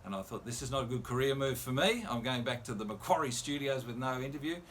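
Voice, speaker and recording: Man telling a lively radio story. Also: medium pitch, fast, a little hiss or hum. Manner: anecdotal, animated retelling with quoted dialogue. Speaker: radio presenter. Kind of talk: storytelling on a video call.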